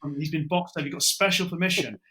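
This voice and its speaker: A middle-aged British broadcaster spins stories in an easy podcast chat. His voice is bright and clear. He slips into the lines he and others said as he tells each tale. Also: a little high, fast. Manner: lively storyteller, acts out his own quotes. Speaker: broadcaster guest. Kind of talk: casual podcast chat, anecdotes.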